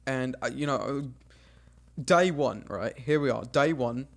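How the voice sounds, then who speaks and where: Streaming games, a young man relates an awkward story from his youth in a casual, lively way, playing out what people told him and laughing at his own expense. His mid-range voice is slow and gravelly.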